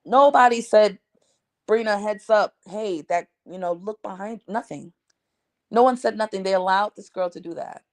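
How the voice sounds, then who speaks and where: Young woman telling her story to the camera, animated and emphatic, with a slightly low voice. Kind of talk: storytime vlog.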